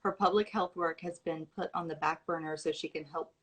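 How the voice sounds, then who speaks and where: A woman hosts a casual livestream from home, announcing scholarship recipients by reading out nominations informally, with asides, fillers and restarts. Her voice is low, steady, brisk and slightly rough, and the recording quality is rough.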